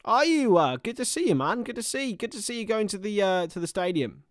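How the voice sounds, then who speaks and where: A man with a slightly high voice calls a football match live for a streaming audience. He moves between quick play-by-play and chatty, self-mocking asides. The sound is dry and close, with no room echo. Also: sing-song. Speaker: livestream football commentator. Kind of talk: casual live match commentary.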